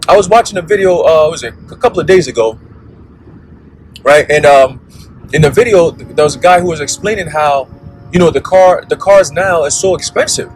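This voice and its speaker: A man's voice: fairly high pitch, brisk, soft background music, poor audio. A man giving a blunt, profane preaching monologue, constantly checking in with "okay?" and "all right?". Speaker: religious commentator.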